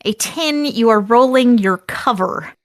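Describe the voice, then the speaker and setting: A woman's voice: on the high side, a little slow, no room sound, studio quality. A woman running a tabletop game as game master, laying out options step by step in an upbeat way.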